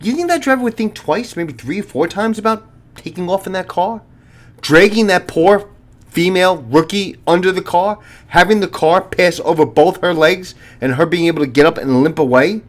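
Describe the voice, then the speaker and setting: With a high-pitched voice at a moderate pace, this channel host, a retired cop in his fifties, lectures his viewers bluntly and with plenty of profanity.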